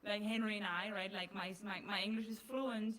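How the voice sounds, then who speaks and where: A woman's voice: mid-range voice, fairly even intonation, normal speed, a crowd in the background. A woman with a German accent, German her first language, co-hosting a podcast in casual chat, laughing often and mixing in Spanish words. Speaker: podcast co-host.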